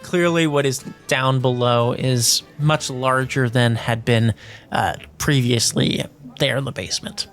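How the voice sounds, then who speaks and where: A man's voice: mid-range voice, steady tone, a little slow, fairly bright tone, faint music behind. Man narrating as tabletop game master. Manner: descriptive, hedging with many fillers.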